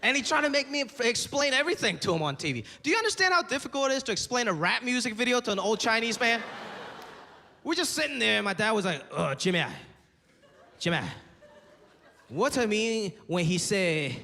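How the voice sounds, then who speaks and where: A man's voice: extremely high pitch, very animated, quick pace, vocal fry, bright, forceful tone. A man performing a stand-up comedy set on stage, acting out the voices of his parents and other people. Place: comedy stage before a live audience. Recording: live hall with long reverb, audience noise.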